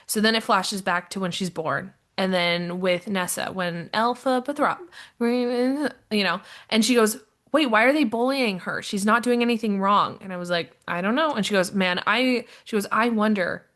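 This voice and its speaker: A young woman chats with a co-host and tells a lively story, acting out her friend's lines in bursts. Her voice sits at an average pitch. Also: moderate pace. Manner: animated storyteller, acts out quoted friends. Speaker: podcast co-host. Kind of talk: casual chat.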